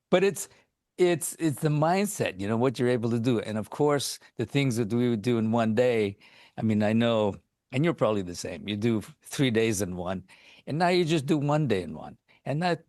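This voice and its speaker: A man hosting a podcast, talking in a casual, halting way with frequent repeated words and restarts. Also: medium pitch, lively intonation, a little mellow, dry recording, clean studio sound. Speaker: podcast host. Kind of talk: casual conversation.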